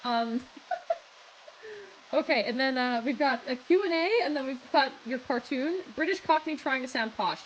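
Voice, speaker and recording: Aussie girl streaming, giggly, lively voice, a bit high. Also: unhurried, highs cut off, slight background noise. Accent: Australian. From Australia. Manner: giggly, animated. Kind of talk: casual live-stream chat and reading aloud.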